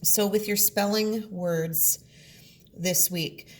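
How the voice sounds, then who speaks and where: A woman's voice: medium pitch, steady tone, takes it slowly, background noise. A woman teaching a remote classroom lesson from home, explaining patiently step by step.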